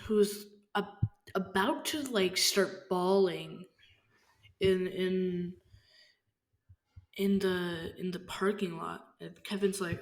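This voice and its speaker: A woman casually telling a story, halting and rambling with lots of fillers and restarts. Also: fairly low pitch, steady tone. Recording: faint background noise.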